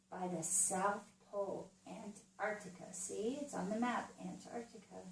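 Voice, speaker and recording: Slow, patient woman teacher in a roomy space. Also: mid-range voice, gravelly, recorded from a distance, a little hiss or hum. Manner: slow, patient, speaks as if to a small child. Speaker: Montessori teacher. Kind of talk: demonstrating a children's geography lesson. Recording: roomy, from away from the mic.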